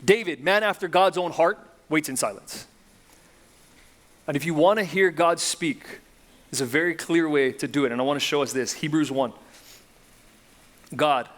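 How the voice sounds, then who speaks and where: A young man preaching a sermon, swinging between loud, slow, emphatic build-ups and quiet, low reflection. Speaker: pastor.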